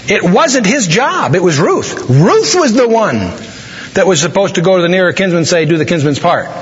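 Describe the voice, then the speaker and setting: A man preaching a sermon, telling a story and slowing down dramatically for emphasis. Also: sits high, fairly bright tone, a little hiss or hum. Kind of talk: sermon with a told joke. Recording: dull, reverberant hall recording.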